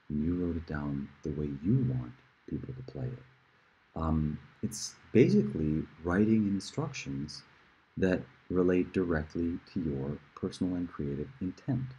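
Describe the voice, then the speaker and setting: Deep-voiced rambling male music teacher. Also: husky, rough recording. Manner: rambling, swings between loud emphasis and murmured asides. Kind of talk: casual whiteboard lesson.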